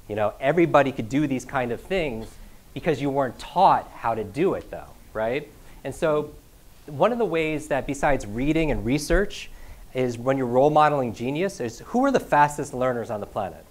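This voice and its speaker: A man giving an energetic motivational talk to a live audience as a learning coach, repeating key phrases and often asking "right?". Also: mid-range voice. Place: event room with a live audience.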